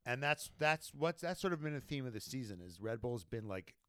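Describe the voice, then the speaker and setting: A man co-hosting a casual podcast, trading excitable, profane banter with his co-host. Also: mid-range voice, brisk, clear, resonant tone, dry recording, studio quality. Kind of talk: casual chat.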